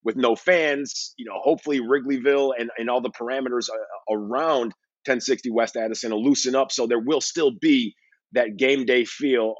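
A man's voice: mid-range voice, no room sound, highs cut off. A man hosting a sports podcast, chatting casually with lots of fillers. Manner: conversational, rambling with fillers. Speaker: podcast host.

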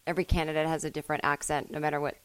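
A woman hosting a solo comedy podcast from home, rambling and self-mocking, with sudden loud bursts. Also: low voice, level tone, rapid-fire, smooth, no room sound, low-quality recording. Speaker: podcast host.

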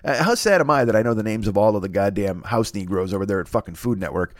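A man's voice: lowish voice, quick pace, no room sound. Rambling, profane comedy podcast man. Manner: rambling, animated, profane, frequent restarts. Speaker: podcast host.

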